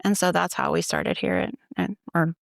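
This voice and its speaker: A woman's voice: on the low side, moderate pace, vocal fry, no room sound, clean studio sound. A woman, a church ministry assistant, telling her faith story in a casual interview and quoting her own past thoughts as she goes. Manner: conversational, retelling with quoted inner thoughts.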